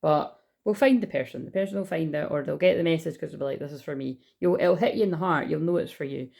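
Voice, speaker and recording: A woman's voice: low-pitched, fast talker, creaky, a little mellow. A woman doing a chatty, rambling card reading as a spiritual healer, with lots of restarts and asides.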